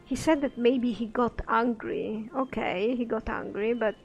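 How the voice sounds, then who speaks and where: Slow-talking woman gaming host. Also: a little high, steady tone, a little mellow, highs cut off. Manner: musing aloud, reacting to the game. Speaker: let's play host. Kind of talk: gameplay commentary. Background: faint game music.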